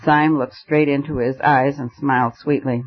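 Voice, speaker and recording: A man reading a novel aloud in measured, storytelling narration. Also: mid-range voice, steady tone. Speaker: audiobook narrator. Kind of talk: scripted narration. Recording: dull lo-fi recording.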